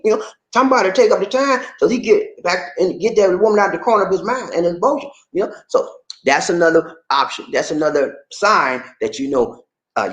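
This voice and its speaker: A man host giving casual relationship advice, animated and repetitive, talking straight to the viewer. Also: fairly high pitch, reverberant, poor audio.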